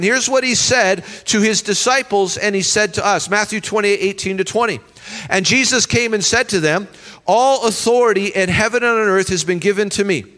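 A high-pitched man in his thirties preaching with strong emphasis, calling the congregation to repeat his words. His voice rings with the long reverb of a church hall. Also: fairly bright tone. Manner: emphatic preaching with call-and-response. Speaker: pastor. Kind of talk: sermon.

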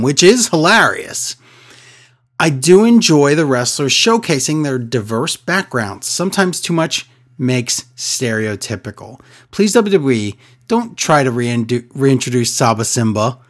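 A man's voice: on the high side, fairly bright tone. A man co-hosting a casual wrestling podcast, joking sarcastically and reading listener emails aloud. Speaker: podcast co-host.

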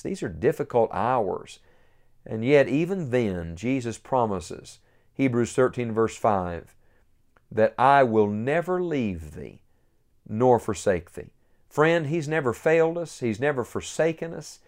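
A man's voice: medium pitch, a little mellow. A man preaching a sermon, earnest and building to emphatic peaks.

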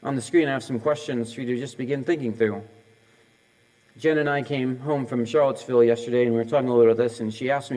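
A man's voice: medium pitch, steady tone, fast, mellow, low-quality recording. A middle-aged man preaching a sermon as a pastor. He talks conversationally, asks the audience many questions in a row and jokes about his own slips.

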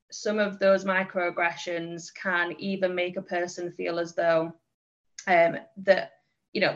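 Woman, guest trainer, candid reflective chat, mid-pitched voice, dull podcast sound. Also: fairly bright tone. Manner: candid and reflective, frequent small laughs. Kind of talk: casual podcast conversation.

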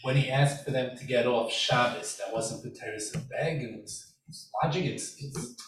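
A man's voice: mid-range voice, normal speed, slight background noise. A man in the class asking the teacher tentative questions. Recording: roomy, distant mic with people around.

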